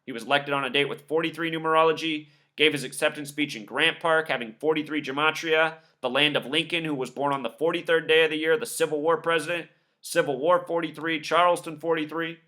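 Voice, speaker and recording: A man's voice: on the high side, fairly even intonation, a little fast, pushed and bright. A man giving a scornful, emphatic commentary monologue, listing numbers one after another. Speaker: video commentator. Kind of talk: monologue over news clips.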